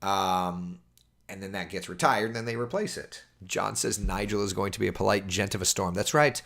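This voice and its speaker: A man's voice: on the low side, normal speed, gravelly. A man, a TV meteorologist, chatting casually on a livestream and answering viewer questions. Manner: chatty, animated, reads viewer comments aloud.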